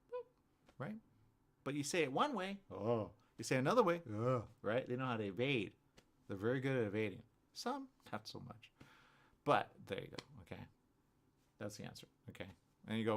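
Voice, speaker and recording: A man's voice: on the low side, normal speed. A man hosting a live talk show, rambling through a monologue and acting out both sides of imagined conversations, with "right?" after many points. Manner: animated, acts out both sides of imagined dialogues, asks "right?" often.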